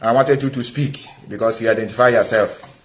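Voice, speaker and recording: Male call-in stream host, combative, hammers points by repeating them, mid-pitched. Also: steady tone, a little fast, a little hiss or hum. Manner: combative, repeats himself for emphasis. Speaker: live-stream host taking calls. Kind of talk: heated call-in talk.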